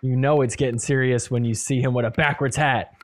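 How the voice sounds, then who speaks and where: A man hosting a podcast, giving animated play-by-play commentary over match replays and laughing often. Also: mid-range voice, fairly quick, dry recording. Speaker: podcast host. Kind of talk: excited sports recap commentary.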